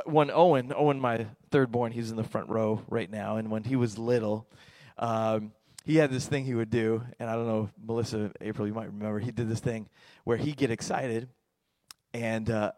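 A middle-aged pastor preaches a lively sermon in a medium-pitched voice at a fairly quick pace, with no echo. He swings between quiet, intimate stretches and loud, excited ones.

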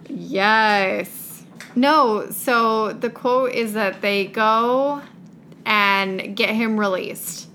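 Woman co-host, bright edge, dry humor, higher voice. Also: extremely slow, slight background noise. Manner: dry, reads quotes aloud with mock drama. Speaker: podcast co-host. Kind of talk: casual chat.

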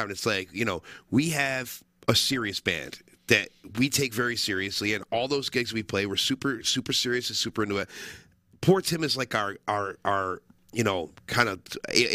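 A man's voice: lowish voice, sharp tone, no echo. A man co-hosting a casual talk show, telling loose, rambling stories and swearing casually. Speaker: co-host. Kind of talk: casual chat.

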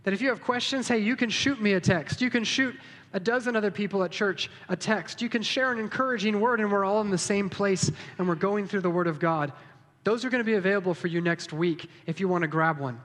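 A man's voice: sits high, a little fast. A man preaching as a pastor in a church, casual and encouraging, speaking straight to his congregation before leading a prayer. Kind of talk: sermon with closing prayer. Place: church sanctuary. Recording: reverberant church hall with soft music.

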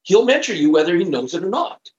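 A man voicing his calm, blunt wife, who talks in firm, questioning, matter-of-fact sentences. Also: lowish voice, fast talker, pitched above the performer's own voice. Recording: roomy, slightly dull recording.

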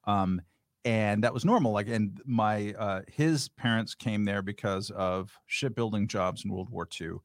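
A man with a fairly low voice, recorded close and dry with no room sound. He hosts a casual chat and rambles through his stories with lots of fillers. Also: a little slow, no echo. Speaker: host. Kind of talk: casual conversation.

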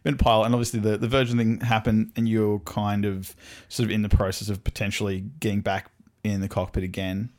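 A man's voice: fairly low pitch, level tone, brisk, a little mellow. A young man hosting a casual podcast, chatty, laughing often and swearing freely. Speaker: podcast host.

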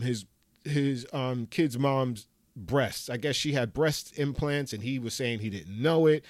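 A man's voice: mid-range voice, no room sound, studio quality. Heated, emphatic man ranting. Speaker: solo commentator. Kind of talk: impassioned monologue.

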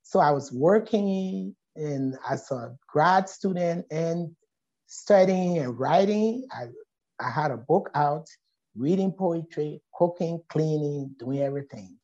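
A middle-aged woman with a Liberian accent tells a story in conversation, her low, mellow voice rising and falling with lively swings in pitch. The audio is dull and lo-fi. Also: slow pace. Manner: animated, acts out voices in her stories. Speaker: poet and scholar, guest.

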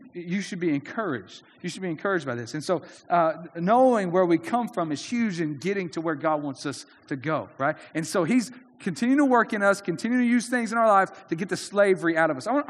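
A man's voice: high-pitched, big-room sound. A man preaching a sermon in an earnest, conversational way, often restarting his sentences. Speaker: pastor.

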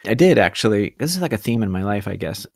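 A man telling the story of his career in a relaxed interview, rambling and self-deprecating, with hesitant restarts. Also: fairly low pitch, fast, gravelly, slightly rough, dry recording, studio quality. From California. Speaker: guest food photographer.

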